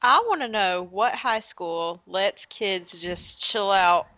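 A woman's voice: mid-range voice, takes it slowly, sharp tone, dry recording, rough recording. A woman co-hosting a podcast, chatting casually during a movie watch-along, teasing and calling out what happens on screen. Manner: teasing, narrates on-screen action, laughs often. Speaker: podcast co-host.

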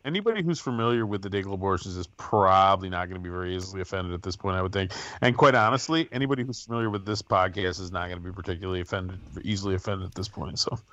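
Male podcast host, quick casual talker, friendly, dull lo-fi recording. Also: deep voice, a bit bright, dry recording. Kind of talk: casual chat. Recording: dull lo-fi dry sound.

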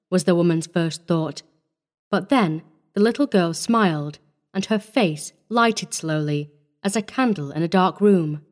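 Brief: woman audiobook narrator, mid pitch, measured, steady storytelling.

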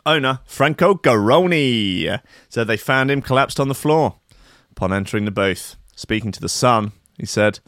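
Guy reading odd news and riffing, dry sarcastic and rambly, mid-pitched voice, dead dry sound. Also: animated, normal speed, a bit bright, dry recording. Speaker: video host.

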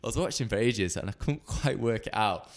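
Fast-talking man telling stories. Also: on the low side. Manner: rambling anecdotes, animated retelling. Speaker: conversation partner. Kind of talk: casual chat.

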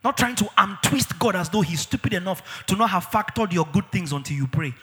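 A male pastor preaching with emphatic swings, bursting into shouts and stretching words slowly for weight. His voice sits high and rings bright, with a very animated pitch. It echoes with the long reverb of a church hall. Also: faint music behind. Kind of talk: sermon.

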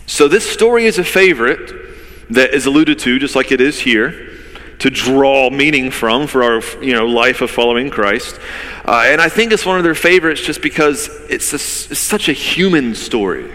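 The long reverb of a large hall carries this pastor's somewhat high, slightly bright voice. His sermon is conversational, built on vivid stories and rhetorical questions.

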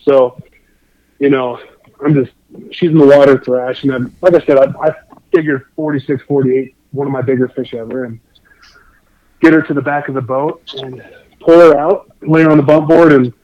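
A man telling a long fishing story in a casual, excitable, rambling way, over dull lo-fi remote audio. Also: medium pitch, normal speed. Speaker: guest angler.

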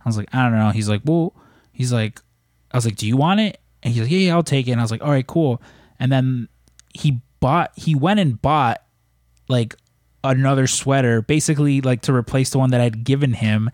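A man's voice: medium pitch, a little fast, darkish tone, no echo, studio quality. A man casually telling rambling stories in a podcast chat, with plenty of swearing. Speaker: podcast co-host.

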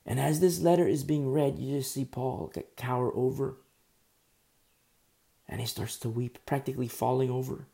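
Gravelly-voiced man preaching a story sermon. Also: medium pitch, normal speed. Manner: animated, conversational retelling with asides.

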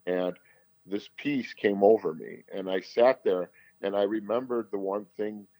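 Low-voiced man telling earnest stories. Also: unhurried, mellow, no room sound, rough recording. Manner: earnest, rambling, emotional, frequent restarts. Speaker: guest. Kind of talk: candid conversational storytelling.

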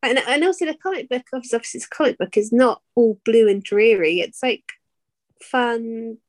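A woman's voice: fairly high pitch, brisk. A woman co-hosting a podcast in casual chat, easygoing and trailing off as she hedges her opinions. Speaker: podcast co-host.

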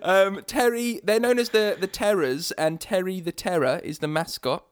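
A man's voice: high-pitched, normal speed, clear, resonant tone, dry recording, clean studio sound. A man co-hosting a casual podcast, rambling and giggly, with lots of fillers and restarts. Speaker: podcast co-host.

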